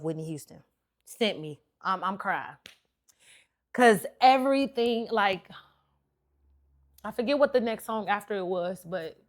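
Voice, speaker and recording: A woman hosting a podcast, telling a personal story in a lively, chatty, informal way full of slang and acted-out dialogue. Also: mid-range voice. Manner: animated, chatty retelling with lots of quoted dialogue. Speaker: podcast host.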